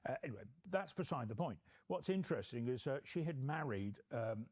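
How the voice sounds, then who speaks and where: A man's voice: mid-range voice, animated, brisk, darkish tone, husky. A man, a museum curator, telling history stories measuredly with many fillers. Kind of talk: informal museum talk.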